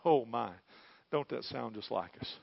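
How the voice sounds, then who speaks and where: A man preaching a sermon, with an impassioned delivery that swells to loud peaks. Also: medium pitch, a little slow, vocal fry, breathy edge, no room sound, dull audio.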